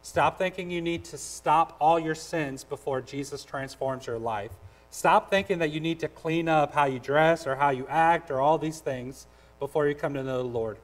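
A man's voice: fairly high pitch, normal speed, rough recording. A man preaching a sermon as pastor, direct and earnest, with repeated phrases and voices acted out in a story. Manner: acts out voices in a told story.

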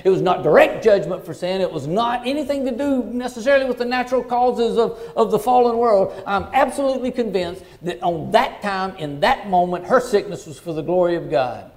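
In a high-pitched voice, a middle-aged pastor shares a personal story in his sermon. He sounds folksy and heartfelt, moving back and forth from hushed tones to loud ones.

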